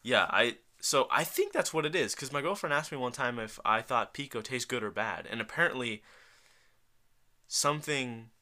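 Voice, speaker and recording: A young man co-hosts a podcast in loose, joking chat. His pitch jumps all over the place and his tone is bright and forward. He thinks out loud as he goes. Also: animated, moderate pace. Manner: joking, thinks aloud while ordering food. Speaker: podcast co-host. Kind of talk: casual chat.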